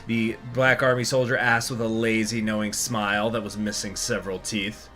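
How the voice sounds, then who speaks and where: A man's voice: fairly low pitch, level tone, normal speed, few pauses, bright, forceful tone, soft background music. A man hosting a strategy game video, chatting casually with jokes and fillers and reading event text aloud. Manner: casual, rambling, joking, with many fillers. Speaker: gaming channel host.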